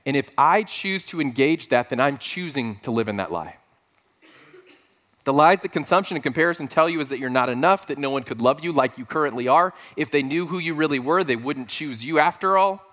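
A man's voice: fairly high pitch, animated, fairly quick, fairly bright tone. A man preaching a sermon as pastor, earnest and emphatic, building points through repeated phrases.

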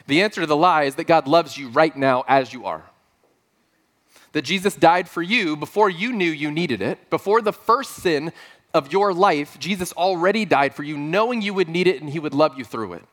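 A man's voice: on the high side, animated, normal speed, a bit bright. A man preaching a sermon as pastor, earnest and emphatic, building points through repeated phrases.

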